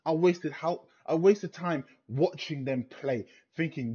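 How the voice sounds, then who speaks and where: A young man vents his fury after a football match, swearing and circling back to the same questions. His voice sits a little high and husky. The sound is dull and lo-fi, like a cheap home mic. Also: takes it slowly, few pauses, mellow. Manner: furious, swearing heavily, repeating himself. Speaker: football fan vlogger. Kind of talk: angry post-match rant.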